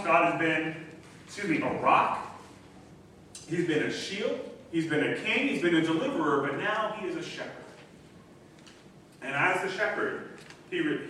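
A man preaching a sermon as pastor, reading scripture aloud slowly and with emphasis. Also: fairly high pitch, bright, forceful tone, a little hiss or hum. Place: church sanctuary. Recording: echoey church from a distance.

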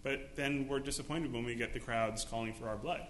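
A man's voice: medium pitch, fairly even intonation, a little fast, few pauses, a bit bright, reverberant, slight background noise. A male pastor preaching a sermon, acting out quotes with dramatic voices. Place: church sanctuary.

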